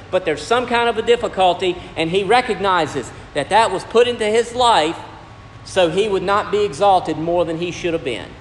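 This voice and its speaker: A man preaching a sermon as pastor, swinging from loud, raised lines down to hushed ones. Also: high voice, a little hiss or hum. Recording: long hall reverb with faint ambience.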